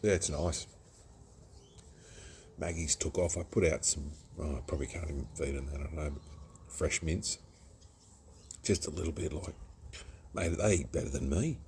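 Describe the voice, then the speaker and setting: A man's voice: very deep voice, moderate pace, pauses often, darkish tone, slight background noise. An Australian man reviewing a craft beer outdoors at home, chatty and self-mocking, rambling from one topic to the next. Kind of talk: casual rambling vlog.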